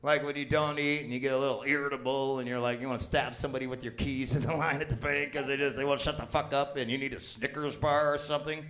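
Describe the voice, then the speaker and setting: A man's voice: medium pitch, fairly even intonation, quick pace, few pauses, fairly bright tone. A man in his fifties doing a stand-up comedy set, crude and rambling, swearing constantly and laughing at his own jokes. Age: 50s. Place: small comedy venue with live audience.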